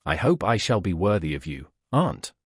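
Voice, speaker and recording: A man reading the lines of a polite, deferential teenage boy in an audiobook, quiet and earnest. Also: low voice, big pitch swings, normal speed, breathy edge, no room sound, clean studio sound, voice pushed down, exaggerated voice. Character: respectful teenage boy, dutiful nephew.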